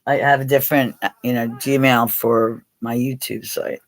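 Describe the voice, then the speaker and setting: A woman's voice: very deep voice, steady tone, normal speed. Rambling older woman streaming live. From Pennsylvania. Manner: rambling, swears freely, laughs often. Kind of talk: casual live chat with viewers.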